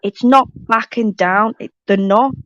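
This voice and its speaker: A woman's voice: fairly high pitch, a little slow, highs cut off. A woman from England hosting a casual chat, blunt, sweary and teasing.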